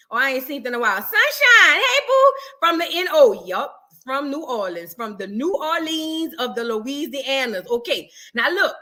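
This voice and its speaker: Animated, bright-voiced woman streamer. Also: a little high. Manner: animated, chatty, reads viewer comments aloud. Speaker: livestream gossip host. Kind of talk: casual live-stream chat.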